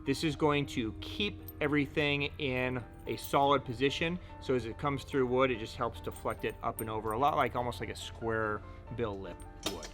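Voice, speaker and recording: A man talks through fishing lures in a relaxed showcase, chatty and a little jokey, at a mid-range pitch. Faint music plays softly behind him. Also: moderate pace, few pauses. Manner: chatty, joking, full of "so" and "right?". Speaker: fishing tackle shop presenter. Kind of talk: casual product showcase.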